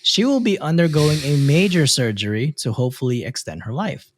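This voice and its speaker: Animated man reading posts aloud. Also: a little high, brisk, a little hiss or hum. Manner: reads posts aloud with lively asides. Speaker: podcast host reading posts. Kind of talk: casual podcast chat.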